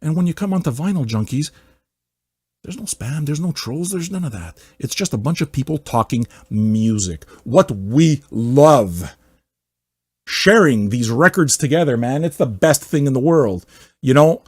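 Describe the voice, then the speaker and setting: A man hosting a music podcast, ranting casually and swearing a lot, swinging from loud mocking outbursts to low muttering. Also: animated, normal speed, slightly rough, no room sound. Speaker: podcast host. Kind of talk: casual profane rant.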